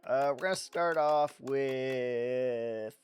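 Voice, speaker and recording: A man's voice: mid-range voice, drawn-out words, smooth, soft background music. A man streaming a game live, chatting casually in a rambling, self-deprecating way.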